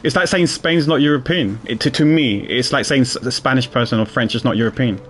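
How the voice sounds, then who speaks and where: A man's voice: medium pitch, fairly quick, fairly bright tone, faint music behind. A man chatting casually with viewers while gaming, rambling and often restarting or repeating his words. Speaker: streamer.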